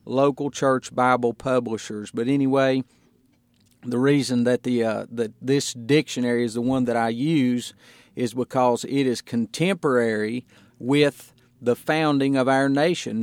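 A man preaching as a pastor on a radio broadcast, slowing down to stress single words as he explains them. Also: mid-range voice, fairly even intonation, no echo. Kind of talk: radio sermon.

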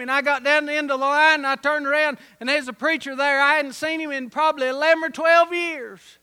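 Gravelly high-voiced preacher. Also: male voice, steady tone, a little fast, hardly any pauses. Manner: storytelling sermon, rising to loud emphatic peaks. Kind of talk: sermon.

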